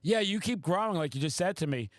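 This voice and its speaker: Excitable high-voiced swearing man. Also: fast, no echo. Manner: loud, excitable storyteller who swears a lot. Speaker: podcast host. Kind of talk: casual chat.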